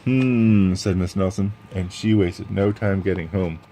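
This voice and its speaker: A man's voice: low voice, flat delivery, moderate pace, vocal fry, dark tone, a little hiss or hum. A man reading a picture book aloud, adding chatty asides about the pictures. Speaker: read-aloud storyteller.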